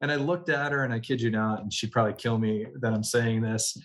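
A man from the United States, an army veteran, telling stories from his past as a guest. He speaks at a medium pitch, with plenty of fillers, and he acts out the voices of the people in his stories. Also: a little fast. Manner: animated storyteller, many fillers, acts out quoted voices. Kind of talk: conversational storytelling.

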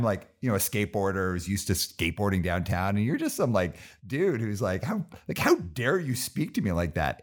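A host with a very low, deep voice, talking in a casual, rambling way and saying "like" often. He is a man reflecting on his own past before he turns the talk to his guest. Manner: rambling, heavy use of "like". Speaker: podcast host. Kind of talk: casual conversation.

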